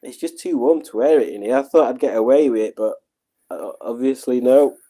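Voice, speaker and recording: Mellow-voiced man chatting casually. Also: medium pitch, fairly quick, breathy edge. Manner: relaxed, rambling, self-deprecating. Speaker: livestream host. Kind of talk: casual chat reading out viewer comments.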